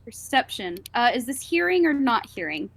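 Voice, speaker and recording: A woman's voice: fairly high pitch, very animated, moderate pace, fairly bright tone. A woman playing in a tabletop game, chatting casually in a playful, giggly way. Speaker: player.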